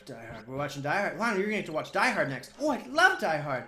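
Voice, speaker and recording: A woman streaming a speedrun, talking in a joking, excitable way that swings to shouting, in an echoey room. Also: sits low, fast talker, faint music behind. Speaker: video game streamer. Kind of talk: live-stream commentary while speedrunning.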